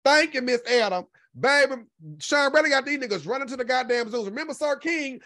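A man hosting a casual livestream delivers a loose, unscripted monologue to his chat. He is sassy and profane. His voice drops into a low, lazy drawl and then jumps to high, emphatic exclamations. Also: fairly quick, pushed and bright. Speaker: host.

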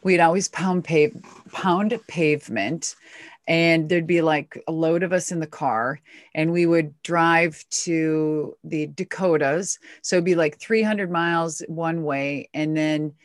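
A woman's voice: deep voice, steady tone, slow, no room sound, studio quality. A middle-aged woman from Minnesota with a Minnesota accent, telling stories in a chatty, laughing, profane way as an interview guest. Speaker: retired wrestler guest. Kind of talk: casual interview chat.

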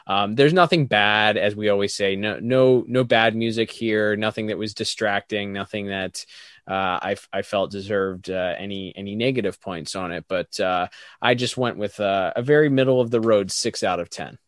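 Rambling guy on a review podcast, lowish voice, dry sound, lots of restarts. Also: normal speed, no echo. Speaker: podcast co-host. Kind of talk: casual review chat.

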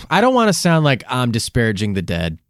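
A man's voice: mid-range voice, wildly swooping pitch, moderate pace, a bit bright, clean tone, no room sound, clean studio sound. A man from the United States co-hosting a podcast in casual chat, swearing often and laughing. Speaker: podcast co-host.

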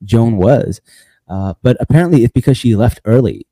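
Male podcast host, dark mellow tone, dry close sound, rambling and laughing. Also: mid-range voice, lively intonation, normal speed, dry recording. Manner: loose and rambling, says "bro" and "man" a lot; laughs often between lines. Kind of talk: casual recap chat.

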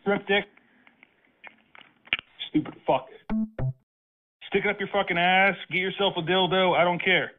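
A man's voice: high voice, fairly even intonation, unhurried, long pauses, music in the background. A man making prank phone calls, profane and aggressive, over a phone line. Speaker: prank caller.

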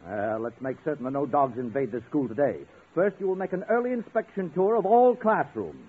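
A man's voice: a little high, animated, brisk, husky. An actor playing a stern, suspicious male school official who gives commands in a 1950s radio sitcom. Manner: commanding, interrogating. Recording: tinny old radio broadcast.

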